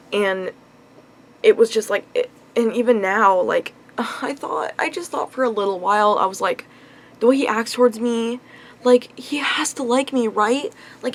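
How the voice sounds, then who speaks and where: Upset young woman venting with sighs. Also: a little high. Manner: venting, frustrated, sighing often. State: upset, on the verge of tears. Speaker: vlogger. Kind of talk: emotional confessional vlog.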